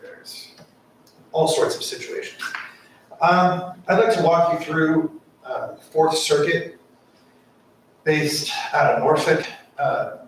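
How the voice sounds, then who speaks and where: A man with a slightly high voice makes a fervent public comment before the city council, firing off rhetorical questions. There's a faint hiss or hum, and the far-off mic picks up the chamber's echo.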